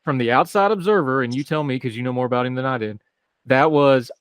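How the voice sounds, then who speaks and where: A man's voice: mid-range voice, brisk, clear, resonant tone, dry recording. A man hosting a radio talk show, setting up his questions at length in a conversational way. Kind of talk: interview questions.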